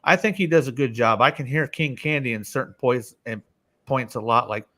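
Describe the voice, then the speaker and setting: A man's voice: mid-range voice, normal speed, bright, forceful tone. A man hosting a casual live-stream panel discussion, loose and swearing freely, calling on each panelist by name.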